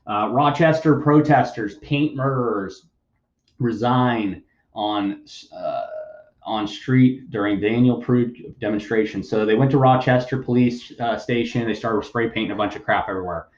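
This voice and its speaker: A man's voice: fairly low pitch, a little slow, echoey room, muffled recording. A man hosting a podcast, giving blunt, sarcastic news commentary and swearing freely. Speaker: podcast host.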